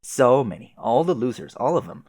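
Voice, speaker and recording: A man's voice: medium pitch, sing-song, moderate pace, a little mellow, voice pushed up. Man doing a sarcastic scheming girl troll. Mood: taunting. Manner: sarcastic and taunting. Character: snooty haughty female teen troll schemer.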